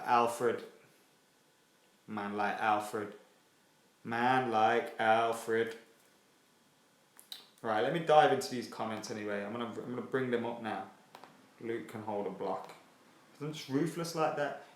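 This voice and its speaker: A man hosting a casual football fan live stream, excitable and sweary as he reads viewer comments aloud. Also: medium pitch, normal speed. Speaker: football fan channel host. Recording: roomy echo.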